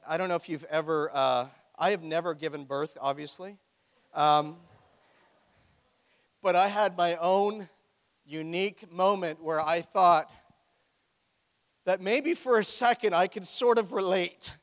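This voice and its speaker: High-voiced joking pastor preaching. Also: male voice. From Ontario, Canada. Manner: joking, conversational storytelling. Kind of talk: sermon. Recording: echoey hall.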